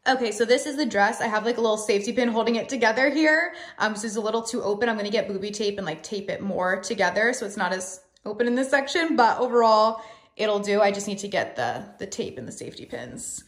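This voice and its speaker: A woman's voice: medium pitch, fast, echoey room. A young woman vlogging casually at home, chatty and full of "like" fillers. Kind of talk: casual vlog chat. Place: home, indoors.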